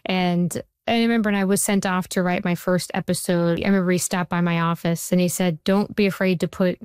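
A woman TV writer and show creator, chatting as an interview guest and telling stories in an animated way. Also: lowish voice, a little fast, clean tone, no echo, clean studio sound.

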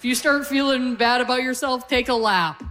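A woman's voice: high-pitched, normal speed, fairly bright tone, long reverb tail, soft background music. Brief: Canadian woman comic, forties, chatty and self-mocking on stage. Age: 40s. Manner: chatty, self-deprecating, laughing through lines. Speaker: stand-up comedian. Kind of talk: stand-up set. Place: comedy stage before a live audience.

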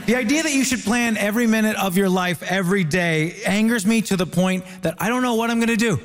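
A man's voice: sits high, quick pace. A man from Ontario, a comedian doing wry, rambling bits on a theatre stage. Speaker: comedian, debate contestant. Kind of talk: stand-up comedy bit. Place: theatre stage before a live audience. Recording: live hall with crowd noise.

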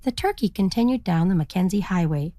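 A woman storyteller narrating a children's story in an animated, expressive manner. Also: lowish voice, fairly quick, dry recording.

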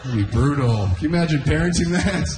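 Giggly stand-up comic in a roomy club. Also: male voice, a little high, lively intonation, fast, noisy background. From Canada. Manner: laughs at his own jokes often. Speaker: stand-up comedian. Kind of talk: stand-up routine.

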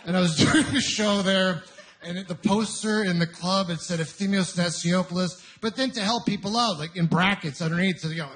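A man's voice: high voice, brisk. A young man from Ontario doing a stand-up comedy set, telling stories animatedly and quoting people in different voices. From Ontario, Canada. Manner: animated storytelling with quoted voices and audience laughter.

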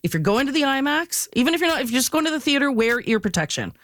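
A woman's voice: sits high, big pitch swings, fast, a bit bright, no room sound. A woman, a film and TV critic giving an enthusiastic, wry review in casual chat.

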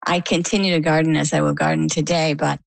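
Gravelly-voiced woman telling her story. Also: deep voice, quick pace, no room sound, low-quality recording. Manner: animated storytelling with quoted dialogue. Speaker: guest sharing a personal health story. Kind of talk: conversational interview answers.

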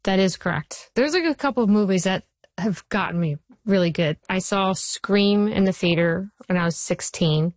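A woman in her forties, a TV writer being interviewed, who tells stories in an animated way and acts out the quotes. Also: medium pitch, normal speed, no room sound. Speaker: TV writer and showrunner. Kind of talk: interview guest.

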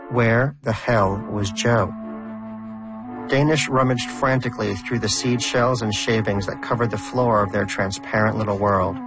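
A man narrating a story in a measured, dry storytelling manner. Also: lowish voice, fairly even intonation. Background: music.

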